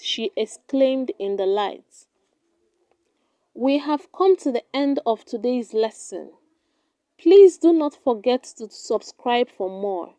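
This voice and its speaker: A woman teaching English pronunciation in a scripted lesson, deliberately saying each word twice and then using it in an example sentence. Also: sits high, lively intonation, dark tone, dry recording.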